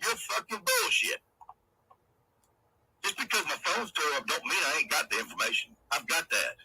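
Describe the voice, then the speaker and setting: Furious, bright-voiced man ranting. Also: fairly high pitch, big pitch swings, fast, slightly rough, low-quality recording. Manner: profane, confrontational, taunting. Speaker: livestream host. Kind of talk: angry livestream rant.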